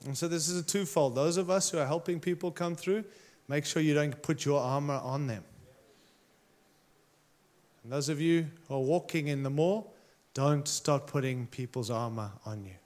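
Impassioned preacher, a man with a fairly high voice. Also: normal speed, a little mellow. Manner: impassioned, emphatic preaching with direct challenges to listeners. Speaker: pastor. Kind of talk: sermon.

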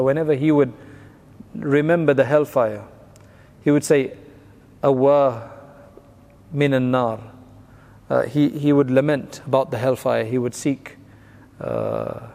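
A man's voice: medium pitch, creaky, darkish tone, in a large hall. A man giving a recorded religious class, explaining old narrations plainly and mixing in Arabic phrases. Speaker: religious teacher.

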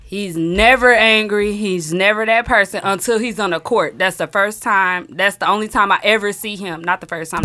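A woman in a casual group conversation, telling stories with animated, laughing delivery. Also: medium pitch.

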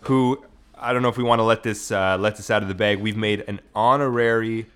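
Man riffing deadpan comedy banter. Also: lowish voice, a little fast, clear, resonant tone. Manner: deadpan, tells tall tales with put-on quotes. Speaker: comedy podcast co-host.

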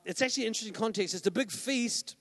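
A man's voice: high voice, racing, a bit bright. Kiwi pastor guy preaching, talks casual and punchy, lots of "right?", big hall echo. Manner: conversational, emphatic preaching with frequent "right?" asides. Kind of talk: sermon. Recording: long hall reverb.

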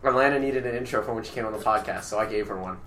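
Goofy young co-host, roomy sound. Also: male voice, on the low side, rapid-fire, a bit bright, recorded from a distance. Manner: goofy, teasing. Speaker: podcast co-host. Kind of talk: casual chat. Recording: roomy with faint noise.

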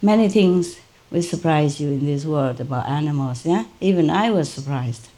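A woman with a fairly low voice speaks informally to her disciples as their spiritual teacher. She tells her story in an animated way and laughs often as she goes. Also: moderate pace.

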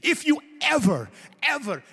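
An excitable European trip leader, as a storyteller puts him on, theatrical and loud. He swings between booming declarations and slow, solemn pronouncements. The voice rings out with a long hall reverb. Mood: outraged.

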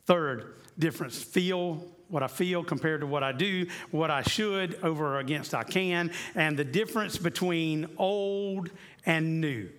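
A man preaching a sermon as a pastor. He talks earnestly, repeating key phrases and slowing down to stress them. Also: fairly high pitch, a bit bright.

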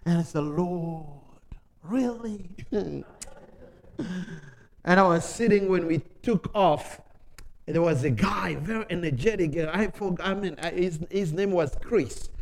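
A man preaching a testimony in broken English, telling his story with animation and dropping from quiet, low passages into loud, excited ones. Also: normal speed, creaky, poor audio. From Africa. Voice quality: non-native English, broken grammar. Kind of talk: sermon testimony.

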